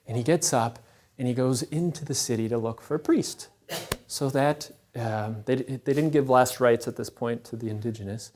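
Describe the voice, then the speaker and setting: A man retelling a sacred story at a Catholic gathering. He talks conversationally and animatedly, often checking in with listeners, at a middling pitch. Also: darkish tone. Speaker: speaker at a Catholic event. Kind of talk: storytelling talk.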